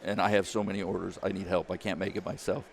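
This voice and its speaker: A man, a former caddie turned business founder, telling a lively story in an interview and acting out the people he quotes. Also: deep voice, fast, vocal fry. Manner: animated storyteller, acts out quoted voices.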